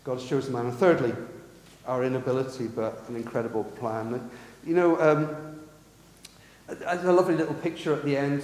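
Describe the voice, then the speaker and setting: A man's voice: a little high, a little mellow. A man preaching a sermon in earnest, asking the congregation rhetorical questions in a church hall. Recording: echoey, long hall reverb.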